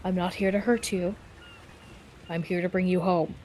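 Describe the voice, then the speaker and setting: A woman voicing a calm, measured knight who speaks formally and deliberately. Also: lowish voice, a little hiss or hum, natural voice, poor audio. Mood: reassuring.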